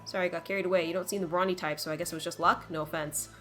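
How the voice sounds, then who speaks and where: A woman voicing a curious, blunt swordswoman in a video game, quick and prying. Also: fairly low pitch, steady tone, soft background music, lightly acted.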